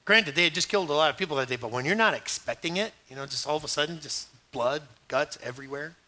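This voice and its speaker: A middle-aged man preaching a sermon, animated and acting out scripture scenes in different voices. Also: fairly high pitch, quick pace. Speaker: pastor.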